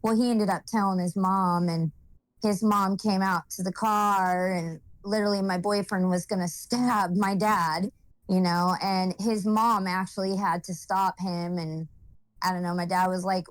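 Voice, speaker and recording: A young adult woman telling her own life story in a casual monologue, halting and searching for words, emotional and holding back tears. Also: medium pitch, fairly even intonation, no room sound, poor audio. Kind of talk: personal testimony, casual monologue.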